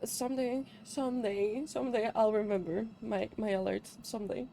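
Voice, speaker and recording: A woman's voice: fairly high pitch, fairly even intonation, moderate pace, gravelly, warm tone, a little hiss or hum. A young woman streaming a video game, giggling as she comments casually to her chat.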